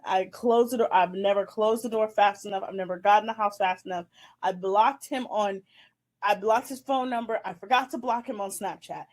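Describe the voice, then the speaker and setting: A woman's voice: medium pitch, normal speed. A woman in her twenties hosting a casual chat show, animatedly telling a dating story and acting out the scenes. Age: 20s. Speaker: host.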